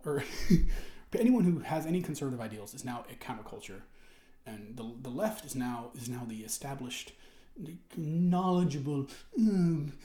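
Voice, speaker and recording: A man's voice: medium pitch, mellow. Man, indignant rant, rambling restarts, swearing, roomy echoey sound. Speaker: forum member answering his ban. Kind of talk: ranting commentary while reading forum posts aloud. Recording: roomy echo.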